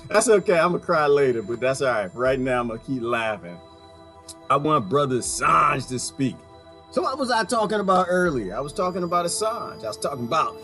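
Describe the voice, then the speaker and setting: A man's voice: on the high side, expressive, moderate pace, sharp tone, soft background music. A man hosting a casual livestream, rambling and laughing often as he talks straight to his viewers. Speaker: livestream host.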